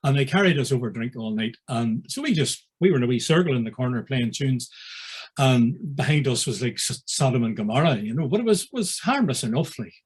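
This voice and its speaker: A man's voice: medium pitch, lively intonation, a little fast, husky. A man in his sixties with a Belfast accent, telling wry stories from his past as an interviewee. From East Belfast, Northern Ireland. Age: 60s. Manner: wry storyteller, acts out old conversations. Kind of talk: anecdotal storytelling.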